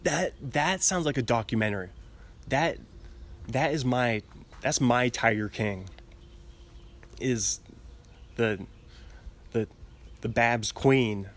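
A man's voice: mid-range voice, slow, pauses often, fairly bright tone. A man in his twenties hosting a podcast alone, rambling in casual chat with frequent giggles and restarts. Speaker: podcast host. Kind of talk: casual solo podcast monologue.

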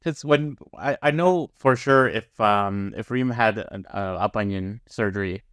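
Smooth-voiced man, dry close mic. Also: on the low side, measured pace, a bit bright, dry recording. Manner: supportive, hesitant starts. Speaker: podcast co-host. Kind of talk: casual chat.

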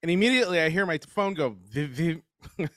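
A man's voice: high voice, expressive, fast, a bit bright, dry recording. A man co-hosting a podcast, telling crude stories in casual chat and laughing often. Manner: profane storyteller, laughs often. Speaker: podcast co-host.

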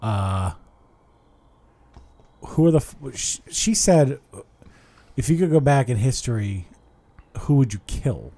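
A man's voice: mid-range voice, slow pace, long pauses. A man hosting a podcast, telling stories in casual chat and swearing freely. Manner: animated storytelling, swears a lot. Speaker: podcast host.

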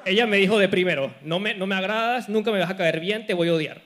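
A man interpreting a sermon live, quickly echoing each phrase of the preacher. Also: high-pitched, fairly bright tone. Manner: rapid, echoes the preacher's phrasing.

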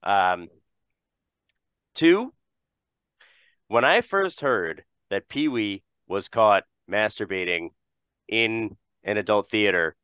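A man hosting a casual podcast chat, animated and laughing often, with casual swearing. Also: on the low side, takes it slowly, long pauses, smooth, no room sound.

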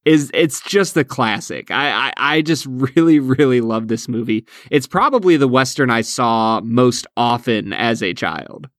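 A man's voice: medium pitch, lively intonation, a little slow, hardly any pauses, a bit bright, no echo, clean studio sound. A man co-hosting a podcast, talking earnestly and restarting his sentences. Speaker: podcast co-host. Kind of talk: casual chat.

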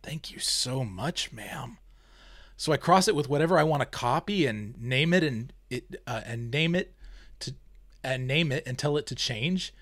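A man's voice: mid-range voice, normal speed, fairly bright tone, no room sound, clean studio sound, natural voice. A man voicing a polite young man, awed by a gift he is given.

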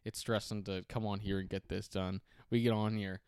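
A man's voice: lowish voice, level tone, normal speed, darkish tone, clear, resonant tone, no echo, clean studio sound. A man co-hosting a podcast in casual chat, joking, laughing and swearing freely. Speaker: podcast co-host.

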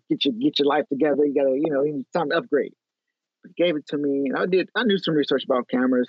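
A man from Chicago in his thirties, a photographer telling animated stories with lots of fillers in a casual interview. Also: mid-range voice, no room sound. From Chicago, USA. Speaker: photographer guest. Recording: tinny phone-like line, dry.

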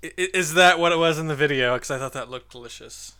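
A man's voice: on the high side, fairly quick, pushed and bright, smooth. A man co-hosting a casual podcast chat, easygoing and joking, laughing often. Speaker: podcast co-host.

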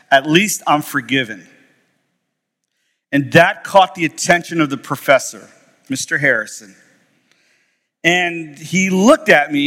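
A man's voice: medium pitch, a bit bright, long reverb tail. A middle-aged man preaching a sermon as pastor, telling a story conversationally and reading scripture aloud. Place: church.

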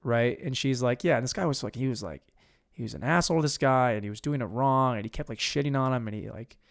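A man's voice: medium pitch, fast talker, creaky. A man casually retelling a radio story with swearing and put-on voices. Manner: casual, profane, animated retelling. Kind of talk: comedic storytelling.

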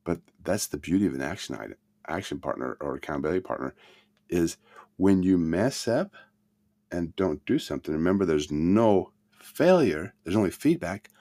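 A man teaching a self-help lesson in a motivational talk, swinging between loud emphasis and soft murmurs. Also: low voice, lively intonation, moderate pace.

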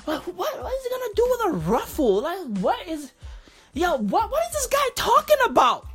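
A woman's voice: extremely high pitch, huge pitch swings, moderate pace, fairly bright tone, soft background music, voice pushed up, full character voice. A woman voicing a confused game reserve helper man, mumbling puzzled questions. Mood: baffled.

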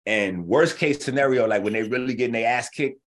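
A man hosting a health show, lecturing bluntly and profanely in a casual rant, slowing down to explain points step by step. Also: mid-range voice. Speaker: host of a natural health show. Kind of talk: ranting casual commentary.

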